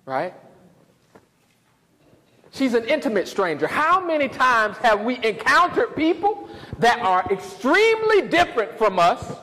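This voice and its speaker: Animated man telling a story in a hall. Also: extremely high pitch. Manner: lively, humorous, calls out to the audience. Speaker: lecturer. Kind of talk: storytelling lecture. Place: lecture hall. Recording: reverberant hall, faint noise.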